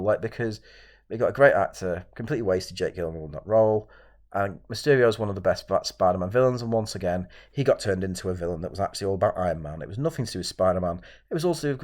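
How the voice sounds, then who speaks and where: A man's voice: lowish voice, darkish tone. A man hosting his own channel, ranting solo to camera in an exasperated, repetitive way. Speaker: channel host reviewing films.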